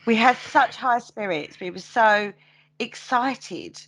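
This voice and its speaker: A woman's voice: on the high side, animated, slow pace, a bit bright. A woman, a paranormal investigator, chatting as a podcast guest in a bubbly, eager way. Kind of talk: casual podcast chat.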